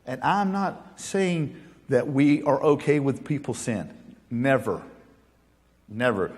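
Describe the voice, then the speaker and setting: A man's voice: fairly high pitch, expressive, measured pace, darkish tone, breathy edge, in a large hall. A male pastor preaching a sermon, folksy and joking, then earnest and emphatic.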